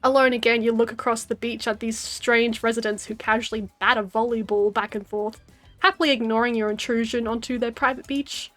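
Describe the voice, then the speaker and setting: Young Australian woman streamer, high and playful, reading game text with wry jokes, faint music behind. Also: fairly even intonation, fairly quick, a bit bright. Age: 20s. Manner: giggly, wry asides while reading aloud.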